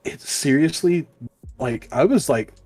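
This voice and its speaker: A man's voice: a little high, lively intonation, a little slow, darkish tone, soft background music. A man co-hosting a casual comic book review show, rambling with lots of fillers. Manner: rambling, many fillers, acts out quoted lines. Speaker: podcast co-host.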